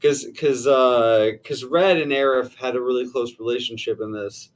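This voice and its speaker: A man's voice: medium pitch, fairly even intonation, moderate pace, rough recording. A man as a guest in a casual game discussion, thoughtfully working through his theories aloud.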